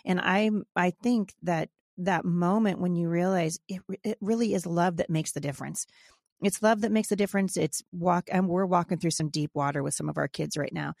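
A middle-aged woman telling reflective stories about raising her children. Her voice is lowish and gravelly, with noticeable vocal fry. The recording is dry and close, with little room sound. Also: moderate pace, a little mellow, no echo. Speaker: podcast co-host. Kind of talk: casual conversation about parenting.

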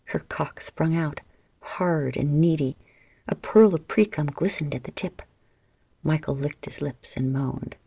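Woman reading a spicy story, soft half whisper, dark mellow tone, kinda breathy. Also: deep voice, a little slow, no room sound. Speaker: narrator.

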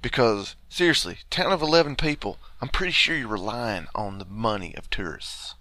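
A man's voice: medium pitch, expressive, moderate pace, sharp tone, no room sound. A man co-hosting a podcast in casual chat, incredulous and profane, swearing a lot as he reacts. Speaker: podcast co-host; teacher.

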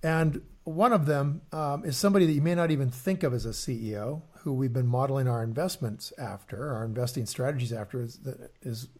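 A man's voice: mid-range voice, brisk, few pauses, a little mellow. A man co-hosting an investing podcast in casual chat, often repeating words and using fillers as he explains. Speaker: podcast co-host.

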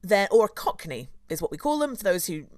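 A woman from London, a tour guide hosting a casual chat, playful and quick to laugh. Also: medium pitch, sing-song, a little mellow, no echo, clean studio sound. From London, England. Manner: chatty, playful, laughs often.

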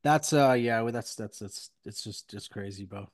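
A man's voice: on the low side, normal speed. A man hosting a Christian podcast, talking earnestly and rambling with many fillers. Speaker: podcast host. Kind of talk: casual podcast chat and preaching.

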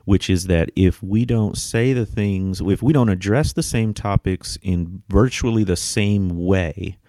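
A man co-hosting a podcast, discussing theology in a measured, articulate and emphatic way. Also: low-pitched, dark tone, dry recording, studio quality. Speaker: podcast co-host.

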